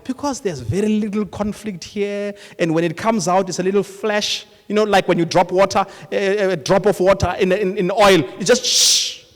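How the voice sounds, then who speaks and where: A male pastor preaching live at a congress, animated and storytelling, often acting out couples talking. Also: sits high, normal speed, hardly any pauses. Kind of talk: live sermon. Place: large congress hall. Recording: long hall reverb from a live congress.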